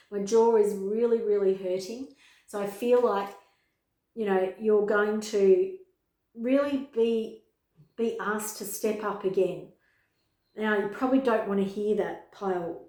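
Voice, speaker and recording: A woman's voice: medium pitch, dark tone. A woman giving a pick-a-card tarot reading to camera, earnest and emphatic, repeating key words for weight. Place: home room with her dog nearby. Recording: echoey room.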